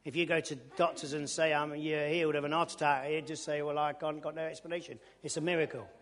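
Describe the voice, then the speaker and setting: A man's voice: fairly high pitch, flat delivery, quick pace. Man preaching his testimony in a reverberant hall. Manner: colloquial storytelling, bursts of loud enthusiasm. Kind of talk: testimony sermon.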